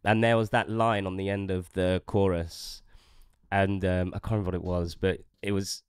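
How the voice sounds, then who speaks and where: An English man with an English accent, a music collaborator telling a relaxed, unhurried anecdote in casual chat. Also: deep voice, clear, resonant tone, no room sound, clean studio sound. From England.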